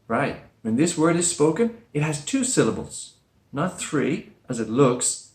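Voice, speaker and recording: Slow, careful male English teacher. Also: mid-range voice, animated, reverberant. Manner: repeats words slowly with exaggerated stress. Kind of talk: slow, careful pronunciation lesson.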